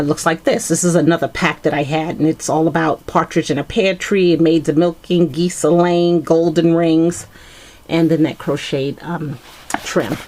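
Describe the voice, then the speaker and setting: A woman chatting casually as a craft vlogger, showing her work with lots of fillers and quick self-corrections. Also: lowish voice, darkish tone, slight background noise. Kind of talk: casual craft show-and-tell.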